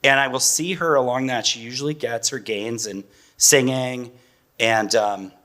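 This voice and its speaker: A man's voice: mid-range voice, unhurried, pushed and bright. A man in his forties, a parent guest on a panel, talking in a chatty, loose way and laughing often. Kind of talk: casual panel talk.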